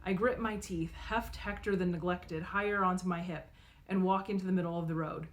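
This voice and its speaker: A woman narrating a novel in the first person, expressive and acting out the dialogue. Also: fairly low pitch, fairly quick. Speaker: audiobook reader.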